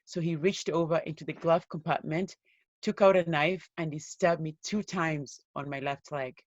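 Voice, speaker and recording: A woman giving an interview as a guest, telling her own life story in an earnest, steady way. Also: deep voice, moderate pace, no echo, highs cut off. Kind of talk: personal story told in an interview.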